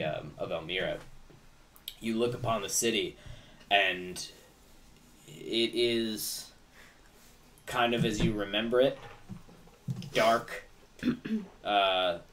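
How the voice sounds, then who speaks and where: A man narrates a tabletop game as its game master in a slightly low voice. He rambles loosely, filling his lines with "like" and "kinda". He sits a little distant from the microphone. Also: fairly bright tone. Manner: rambling, many fillers like "like" and "kinda".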